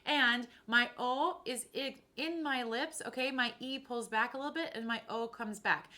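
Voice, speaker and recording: A woman's voice: on the high side, moderate pace, sharp tone. A woman voice teacher on a live stream who explains vowel placement and breathing and sings the vowels of each exercise. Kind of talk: live-streamed singing lesson. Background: piano.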